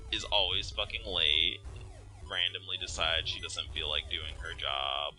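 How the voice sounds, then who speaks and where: A young man with a low, gravelly voice rants through casual gameplay commentary, swearing freely. His tone is sharp and forceful. Faint game music plays underneath. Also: low-quality recording. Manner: profane, ranting venting. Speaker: let's play host.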